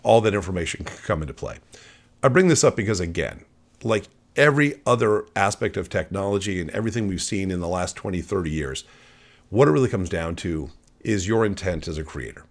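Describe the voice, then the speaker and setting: A man's voice: deep voice, lively intonation, brisk. A man hosting a tech video, talking earnestly and thoughtfully, restarting his words now and then. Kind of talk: casual explainer talk to camera.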